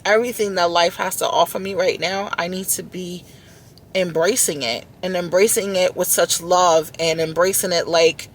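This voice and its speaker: A woman's voice: lowish voice, fairly bright tone. A woman vlogging from inside a car, talking in an earnest, heartfelt way and often repeating her words. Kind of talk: heartfelt self-talk vlog.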